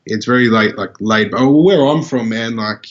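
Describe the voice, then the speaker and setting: A man's voice: lowish voice, normal speed, dull audio. A man with an Australian accent, hosting a podcast in a laid-back, casual way with plenty of swearing. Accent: Australian English.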